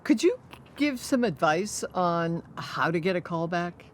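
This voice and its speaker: An interviewer speaks at an average pitch while introducing a guest. The introduction is admiring and full of praise before a question. A faint noise sits behind the voice. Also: very animated, measured pace.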